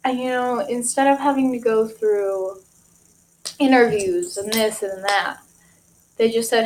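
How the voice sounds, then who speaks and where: Excitable young woman vlogging. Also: a little high, unhurried, slight background noise, low-quality recording. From Michigan. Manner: rambling, excitable, many fillers. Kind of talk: casual vlog monologue.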